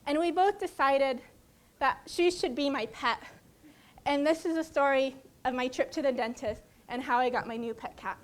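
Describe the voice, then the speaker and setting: A woman from Arizona giving an animated, humorous tall-tale speech in a contest, often laughing. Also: high-pitched, normal speed. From Arizona, USA.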